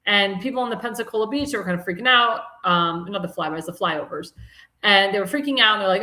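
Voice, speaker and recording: A woman's voice: medium pitch, quick pace, bright, forceful tone. A woman hosting a live political talk show, chatting casually with many fillers and restarts. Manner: indignant, scolding. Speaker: host. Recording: roomy echo.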